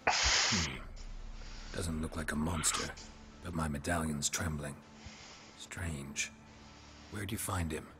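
An actor playing a weary monster hunter in a video game, speaking in clipped, sarcastic lines. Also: male voice, very deep voice, fairly even intonation, slow, long pauses, bright, forceful tone, slight background noise, full character voice. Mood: dry. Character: terse, weary monster hunter, dry-witted man.

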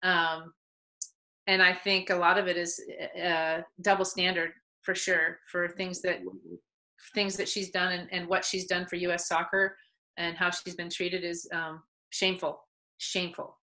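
A woman's voice: on the low side, a little slow, low-quality recording. A middle-aged woman, a soccer head coach, telling stories in a casual interview and acting out the people she quotes. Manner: animated, acts out quoted people.

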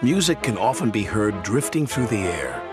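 A man narrating a children's storybook in a lively storytelling manner. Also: fairly low pitch, moderate pace, over loud music. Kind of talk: storybook reading.

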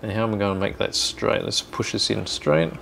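A man hosting a workshop video, calmly explaining each step of a kit build in casual chat. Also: on the low side, a little fast, creaky, a little hiss or hum. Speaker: hobby shop host building a kit.

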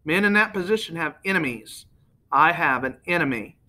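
A man voicing a rich American businessman who speaks softly and persuasively, with a faintly nasal tone. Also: a little high, animated, moderate pace.

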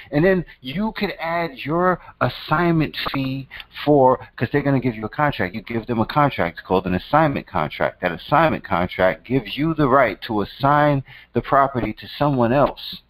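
A man's voice: medium pitch, low-quality recording. A man hosting his own channel, giving casual advice in a slangy, emphatic, repetitive way and calling the listener "son.". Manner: profane, repetitive and preachy. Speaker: host.

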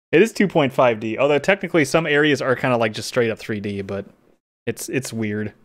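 Relaxed male streamer, dry close mic. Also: medium pitch, normal speed, dry recording. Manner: relaxed, rambling, with frequent fillers and laughs. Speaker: streamer host. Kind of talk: casual stream sign-off chat.

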